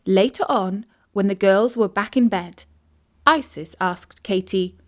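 A woman reading a children's story aloud, gentle and expressive. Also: mid-range voice, unhurried. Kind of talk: storybook narration read aloud.

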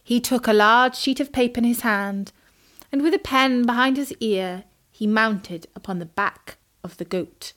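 Slow, measured woman storyteller. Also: a little high, a bit bright. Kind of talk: storybook narration.

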